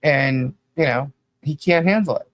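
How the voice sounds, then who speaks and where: A man's voice: fairly high pitch, measured pace, a bit bright. A man co-hosting a podcast, delivering critical commentary in a rambling, blunt rant full of "you know" and casual swearing. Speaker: podcast co-host.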